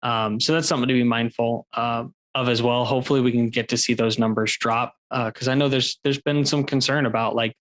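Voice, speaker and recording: A man co-hosting a casual podcast, giving unhurried, practical money advice. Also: medium pitch, steady tone, fairly bright tone. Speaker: podcast co-host. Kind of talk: casual finance podcast chat.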